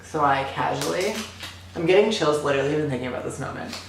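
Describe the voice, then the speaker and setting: Excitable storytelling man, echoey room. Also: on the high side, fast, heavy background noise. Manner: animated and dramatic, lots of "like" and "literally". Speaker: vlogger.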